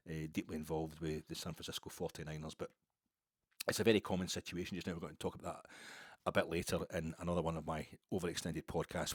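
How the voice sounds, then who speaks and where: A Scottish man with a very low voice hosts a podcast in a rambling, self-mocking monologue. He swears freely and jokes at his own expense. The sound is dry and close, with no room echo. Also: breathy edge. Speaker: podcast host.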